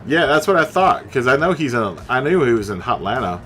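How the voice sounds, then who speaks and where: Rambling streamer guy with a lively voice. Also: mid-range voice, brisk, faint music behind. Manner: rambling, laughs at his own jokes. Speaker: live-streamer playing a racing game. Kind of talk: casual chat with live chat viewers. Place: home streaming setup. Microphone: studio mic through a mixer.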